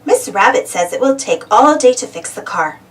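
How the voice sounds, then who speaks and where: A woman reading a children's storybook aloud in an animated, sing-song way. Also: on the high side, normal speed. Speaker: storybook reader. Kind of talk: children's read-aloud narration. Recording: distant mic with faint noise.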